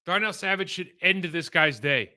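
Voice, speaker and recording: A man's voice: sits high, moderate pace, pushed and bright. A man casually breaking down football game film, talking in a rambling, conversational way that trails off and restarts.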